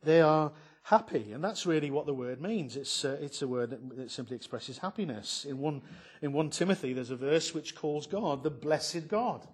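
A man's voice: on the high side, normal speed, slightly rough. A man preaching an evening sermon on a psalm, earnest and building to fervent emphasis, with many restarts.

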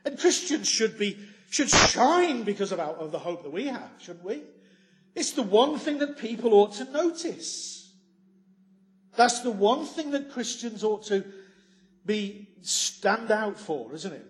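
A man preaching a sermon, full of tag questions and moving between loud emphasis and quiet asides. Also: high-pitched, sing-song, a little slow.

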